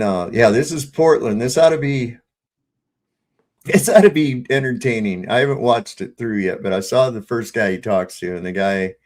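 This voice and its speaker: A middle-aged man hosting a live panel stream, relaxed and chatty as he introduces video clips. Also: on the low side. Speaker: host. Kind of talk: casual chat.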